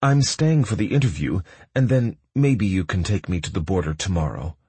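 A man voicing a confused, stubborn young woman in an audiobook, raising his voice to a higher pitch and pressing with questions. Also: lively intonation, normal speed, mellow, slightly rough, no room sound, heavily acted. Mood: defiant. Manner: raised pitch, insistent questioning. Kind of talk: audiobook character voice.

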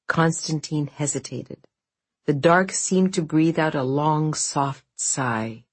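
Slow, low-voiced woman narrator. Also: slightly rough, dry recording. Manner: measured storytelling. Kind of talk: audiobook narration.

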